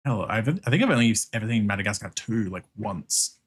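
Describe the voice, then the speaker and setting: A man's voice: lowish voice, expressive, fast, breathy edge. Brief: man, art streamer, loose rambling chatter with fillers and little laughs, drawing while he talks. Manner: rambling, reacts to chat and background music.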